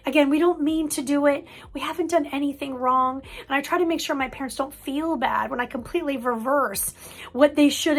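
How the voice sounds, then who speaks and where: An earnest woman counselor explains parenting lessons in an emphatic way, often repeating a word for weight. Her voice sits high in the female range. Faint music plays softly underneath. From United States. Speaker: mental health counselor. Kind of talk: parent-coaching talk.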